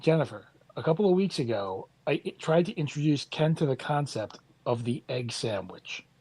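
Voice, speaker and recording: A man's voice: medium pitch, expressive, moderate pace, mellow, breathy edge, no echo. A man from Queens with a New York accent calling into a talk show, stammering as he chats. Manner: stammering, friendly. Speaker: caller. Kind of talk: casual chat.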